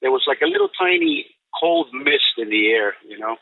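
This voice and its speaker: A man in his seventies, calling in as a podcast guest, recounts an encounter in a rambling way, peppered with "you know" and restarts. His gravelly, mid-range voice swoops wildly in pitch at a normal speed, and the telephone line sounds tinny and dry.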